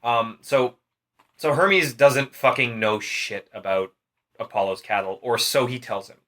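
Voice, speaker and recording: In an unhurried, mid-range voice, a tipsy man casually recounts a myth for a podcast. His storytelling is full of profanity and animation, with him acting out what each character says.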